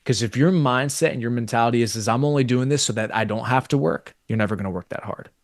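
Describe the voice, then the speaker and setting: A man's voice: medium pitch, fast talker, dry recording, clean studio sound. A man co-hosting a live stream, giving fired-up, profane motivational business talk. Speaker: co-host.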